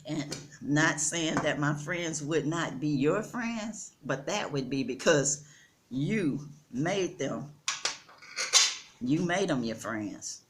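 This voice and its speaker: Texan woman, 60s, unhurried earnest vlogger, faint background hiss. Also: low-pitched, expressive. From Texas. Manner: slow, earnest, addresses viewers as y'all. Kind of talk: casual chat. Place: outdoors in the Gambia.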